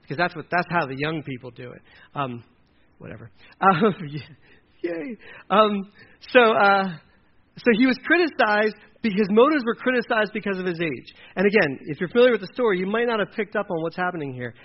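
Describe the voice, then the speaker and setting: A man's voice: sits high, lively intonation, fairly quick, highs cut off, slight background noise. A male preacher from Delaware giving a conversational sermon, acting out quoted characters as he goes.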